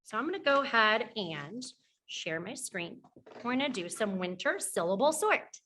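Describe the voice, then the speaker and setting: A young woman teaching preschoolers, speaking slowly and clearly, praising them often and singing simple songs. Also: medium pitch, sing-song, a bit bright, slight background noise.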